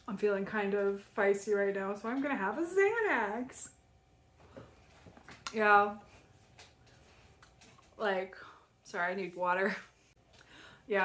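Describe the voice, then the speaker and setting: A woman's voice: mid-range voice, a bit bright. A young woman from Minnesota chatting casually to camera in a vlog, rambling with lots of "like" and sometimes dropping to a mutter. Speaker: vlogger.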